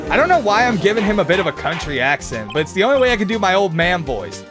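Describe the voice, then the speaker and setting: Animated male game streamer. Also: high voice, fast, few pauses. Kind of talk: game playthrough commentary. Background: game music.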